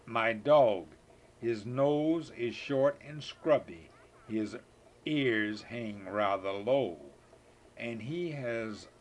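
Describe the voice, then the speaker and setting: A man's voice: fairly low pitch, a little hiss or hum. An older man, a grandfather, reading children's poems aloud in a sing-song way, now and then slipping and rereading a line.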